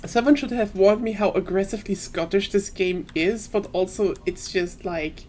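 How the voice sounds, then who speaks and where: A woman's voice: medium pitch, normal speed, warm tone. A German woman streaming a game, chatting with amused bewilderment about it. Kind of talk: casual gameplay commentary.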